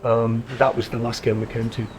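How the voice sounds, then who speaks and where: An older man speaks in a reflective, halting way, stopping often to find his words. His voice stays quite level and flat. Soft music plays beneath him. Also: mid-range voice, rough recording. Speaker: rugby fan. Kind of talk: documentary interview.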